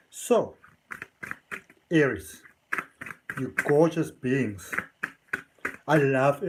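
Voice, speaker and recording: A man's voice: on the high side, lively intonation, slow, long pauses, slight background noise. A man giving a chatty, affectionate tarot reading at home. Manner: effusive and affectionate, chatty with many "you know"s. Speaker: tarot reader. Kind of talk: casual tarot reading to camera.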